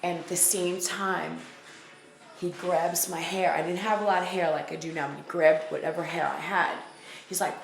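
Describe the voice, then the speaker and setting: Blunt New woman vlogger, low gravelly voice, emphatic and repetitive, echoey room with faint music. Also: fairly even intonation, moderate pace. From the Bronx, New York. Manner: emphatic and blunt, repeating phrases for weight. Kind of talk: candid personal storytelling to camera.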